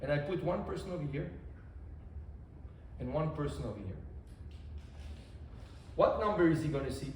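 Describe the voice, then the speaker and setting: A man, a rabbi, giving an animated Torah lesson, repeating phrases and quizzing his listeners. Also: on the high side, moderate pace, long pauses. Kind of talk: Torah lesson to a live group. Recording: echoey room, faint background noise.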